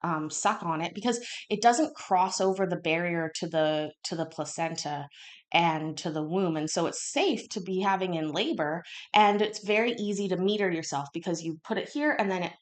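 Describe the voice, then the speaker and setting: A woman's voice: fairly low pitch, moderate pace. A woman hosting a casual chat with viewers, rambling and acting out the quotes in her stories. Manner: rambling, chatty, acts out quotes. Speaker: channel host. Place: home kitchen.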